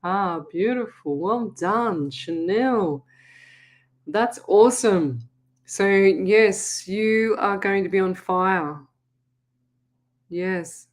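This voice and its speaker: A woman's voice: mid-range voice, extremely slow. A woman hosting a live psychic call-in show, chatting easily, laughing often and reading out listeners' comments. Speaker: psychic medium radio host.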